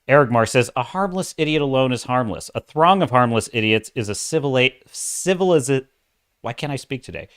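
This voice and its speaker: A man's voice: mid-range voice, animated, brisk, a bit bright, clear, resonant tone. A middle-aged man hosting a livestream, giving opinionated, ranting commentary and reading viewer chat aloud. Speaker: livestream host.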